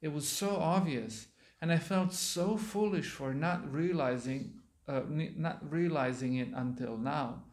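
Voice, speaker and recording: A man, a monk giving a sermon, reading a story aloud and pausing to explain words to his listeners, in a temple hall. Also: a little high, a little mellow. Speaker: monk lecturer.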